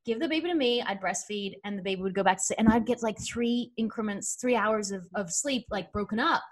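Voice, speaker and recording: A woman's voice: mid-range voice, fairly quick. A woman in her thirties in casual chat, candid and frank, swearing casually.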